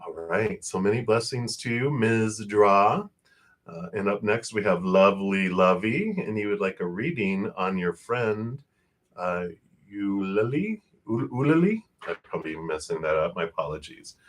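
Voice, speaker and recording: Reading tarot cards live for his viewers, this man speaks quickly and warmly about spirit and energy. His voice is lowish and expressive, and he laughs a lot and keeps saying he's out of breath.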